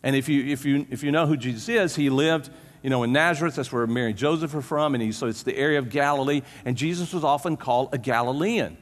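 A man preaching a casual, conversational sermon, retelling the story in an animated way and often restarting his sentences. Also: medium pitch, fast talker. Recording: long hall reverb.

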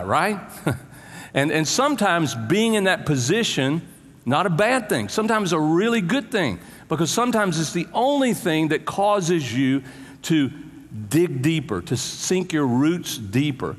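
Pastor preaching in a hall. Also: male voice, fairly high pitch, animated, measured pace. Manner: storytelling with humor, asks the audience questions. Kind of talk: sermon. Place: church.

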